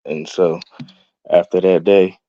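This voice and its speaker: A man's voice: sits low, little pitch movement, slow pace, no room sound. A young man telling a personal story as a guest, laughing as he goes and acting out the quoted dialogue. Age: young adult. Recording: dull, dry, lo-fi sound.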